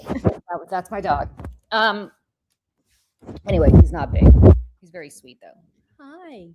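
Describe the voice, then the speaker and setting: A woman's voice: on the low side, dull audio, heavy background noise. Chatty middle-aged woman hosting. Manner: chatty and animated, quick asides to her dog. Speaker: podcast host. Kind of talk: casual chat.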